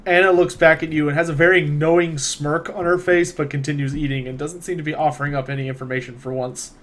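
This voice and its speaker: Unhurried male game master. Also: on the high side, flat delivery, a bit bright. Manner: unhurried, hesitant with fillers. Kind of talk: narrating a tabletop game.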